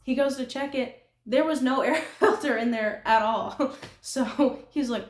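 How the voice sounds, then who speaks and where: A woman's voice: sits high, measured pace. A young woman from California chatting casually to her viewers, rambling with frequent giggles and self-deprecating asides. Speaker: nail artist vlogger. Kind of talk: casual chat. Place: apartment room. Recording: echoey room.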